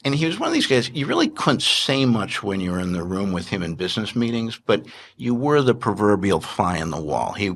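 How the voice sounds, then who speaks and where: A man in his sixties, telling stories as an interview guest, animated, often laughing and restarting his sentences. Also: fairly low pitch, fairly quick, few pauses, a little hiss or hum. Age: 60s. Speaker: investment manager and podcast guest. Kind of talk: anecdotal interview storytelling.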